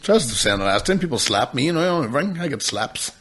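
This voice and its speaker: A man's voice: mid-range voice, very animated, quick pace, slightly rough. A man, co-hosting a casual podcast chat and telling sweary stories. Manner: sweary storyteller, bursts into loud impressions. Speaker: podcast co-host.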